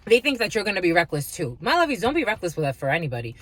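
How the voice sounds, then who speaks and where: A woman's voice: fairly low pitch, sing-song, racing, fairly bright tone. A woman giving a casual spiritual reading, blunt and profane, laughing often and calling listeners her lovies. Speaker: spiritual reader.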